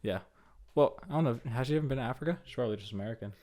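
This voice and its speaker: A man's voice: medium pitch, very fast, mellow. A young man co-hosting a casual podcast chat, rambling with frequent restarts and easy laughs. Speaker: podcast co-host.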